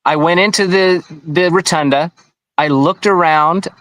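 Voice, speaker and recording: A man's voice: on the high side, unhurried, a bit bright, rough recording. A man being interviewed, recounting events in a rambling, conversational way with frequent restarts. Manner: rambling, with many restarts and asides. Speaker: interview guest.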